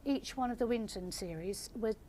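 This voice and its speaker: An older woman, an author, reading her story aloud in a measured, gentle way and answering audience questions. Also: on the high side, slight background noise. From England.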